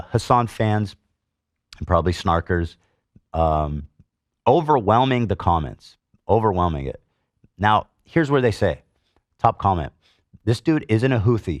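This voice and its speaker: A man with a very low voice works through online posts as a podcast host, answering each with blunt, profane outrage. His delivery is full of ums and restarts. The sound is close and dry, with no room around it. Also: no echo. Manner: heated, profane and indignant, with frequent fillers. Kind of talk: commentary reading out online posts.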